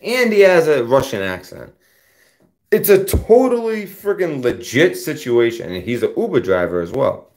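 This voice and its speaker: A man's voice: mid-range voice, big pitch swings, normal speed, darkish tone. Fields: Sex: man. Role: channel host. Style: heated, profane rant aimed at a rival. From United States. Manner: confrontational, profane, addresses a rival directly.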